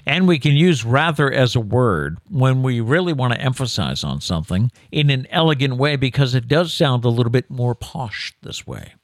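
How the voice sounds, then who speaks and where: Male co-host, animated pitch, dry close studio sound, reads with mock-formal emphasis. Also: normal speed, hardly any pauses, dry recording. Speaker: co-host of a daily news show. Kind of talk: casual chat, reading out an article.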